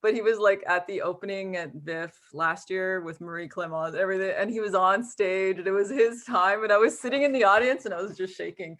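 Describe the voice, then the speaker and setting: A woman's voice: mid-range voice, a little fast, hardly any pauses, fairly bright tone. A middle-aged woman filmmaker speaking animatedly in a Q&A over a video call, laughing often and acting out quotes. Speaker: filmmaker and guest.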